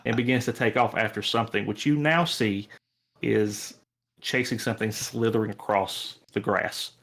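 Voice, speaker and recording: A man narrating a tabletop roleplaying game as game master, telling the scene in a relaxed way with frequent restarts. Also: on the low side, normal speed, vocal fry.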